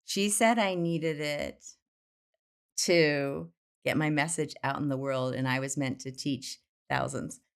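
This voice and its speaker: A woman's voice: deep voice, takes it slowly, vocal fry, clear, resonant tone. A woman guest on a podcast, chatting casually and telling a story with lots of "like" fillers. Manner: chatty, many "like" fillers, excitable.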